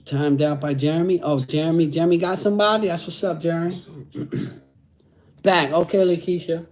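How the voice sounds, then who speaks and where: A man's voice: on the high side, steady tone, normal speed, a little mellow. A middle-aged man chatting casually on a livestream, using street slang and repeating phrases. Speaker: host reading live chat.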